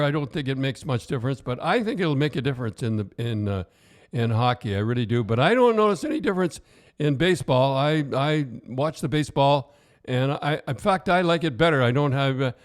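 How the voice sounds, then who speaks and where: An older man, a former hockey coach co-hosting a podcast and telling rambling, restart-filled anecdotes. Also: medium pitch. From Canada. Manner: rambling storyteller, frequent restarts, laughs at his own stories. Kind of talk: casual anecdotal chat.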